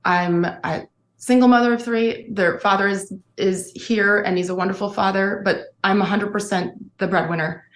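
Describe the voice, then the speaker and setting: A woman's voice: mid-range voice, steady tone, moderate pace, roomy sound. A middle-aged woman, an interview guest, telling her story earnestly and emotionally, often restarting her sentences. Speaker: guest, former sportscaster.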